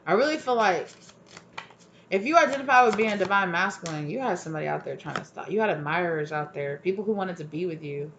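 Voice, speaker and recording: A woman's voice: fairly low pitch, expressive, fast talker, fairly bright tone, muffled recording, slight background noise. A tired woman giving a casual, chatty tarot reading, often checking in with "right?". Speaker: tarot reader.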